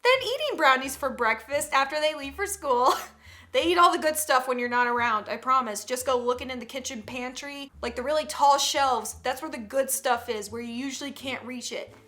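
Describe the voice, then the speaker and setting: Comedy host: young woman, high bright voice, animated, quick to laugh and break into voices. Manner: animated, laughing often, jumps into loud put-on voices. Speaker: comedy YouTuber reacting to parenting tweets. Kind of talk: comedic commentary with acted voices.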